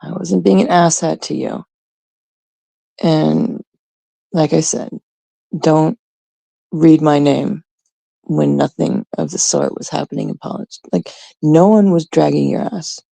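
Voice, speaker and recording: A woman's voice: low-pitched, gravelly, warm tone, dry recording. A woman hosting a casual livestream, ranting in a profane, sarcastic way and greeting viewers in chat. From Canada. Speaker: livestream host.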